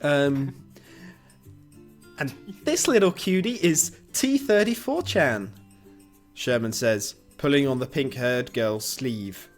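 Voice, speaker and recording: A man reads a dating game aloud with his friends, lingering over his words and breaking into laughter. His voice swoops between high and low. Faint music plays behind him. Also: expressive, slow. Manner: laughing, rambling, swears casually. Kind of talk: casual let's-play banter.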